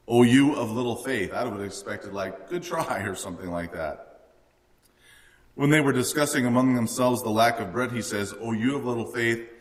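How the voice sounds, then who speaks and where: A man delivers an earnest sermon and lifts his voice whenever he quotes someone. His voice sits in a middle range. A long reverb trails behind every phrase. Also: mid-range voice. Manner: earnest, rising for quoted lines. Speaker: preacher.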